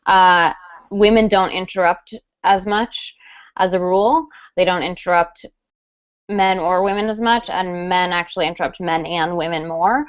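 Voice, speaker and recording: A woman's voice: on the low side, normal speed, clear, resonant tone, dry recording. Chatty woman on a lo-fi video call. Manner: chatty, frequent ums, animated storytelling. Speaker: guest author. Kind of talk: casual live video chat. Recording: dull lo-fi online call audio.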